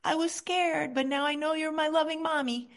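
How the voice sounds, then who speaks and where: A woman voicing her inner child as a frightened, grateful little girl, speaking softly and higher than her own voice. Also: fairly even intonation, normal speed. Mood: timid, tender. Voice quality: soft and hushed.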